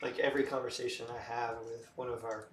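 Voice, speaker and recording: A man co-hosting a live gemstone show, offering relaxed, quiet asides and banter. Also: medium pitch, quick pace. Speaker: co-host of a gemstone sales show. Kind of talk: casual on-air banter. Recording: roomy studio sound with faint hiss.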